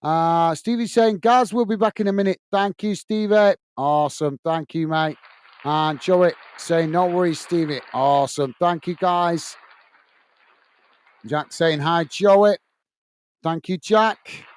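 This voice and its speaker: A chatty man hosts a live football watch-along, with a fairly high voice that comes across smooth and clear. His sound is close and dry, with no room around it, as he keeps thanking viewers as "mate" and "guys". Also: takes it slowly, dry recording. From England. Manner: reads out viewer messages and thanks them. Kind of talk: live stream chat.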